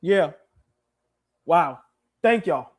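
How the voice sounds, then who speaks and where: A man's voice: fairly high pitch, expressive, very slow. A young man co-hosting a live sports stream, sentimental and repeating himself as he thanks viewers. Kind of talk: emotional live stream chat.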